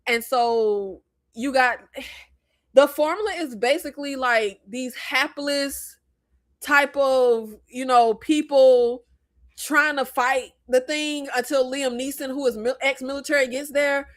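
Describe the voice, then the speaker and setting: An American woman hosting a casual movie review chat, blunt and animated, with rambling asides. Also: high voice, slow. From United States. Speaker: host.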